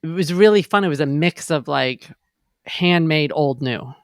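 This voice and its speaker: A woman's voice: low-pitched, moderate pace, no echo, clean studio sound. A woman co-hosting a podcast in casual chat, rambling and chatty. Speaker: podcast co-host.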